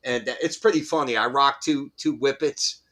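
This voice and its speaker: A man speaking as a guest on a live stream, halting and repeating his words. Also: mid-range voice, fairly bright tone. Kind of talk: casual chat.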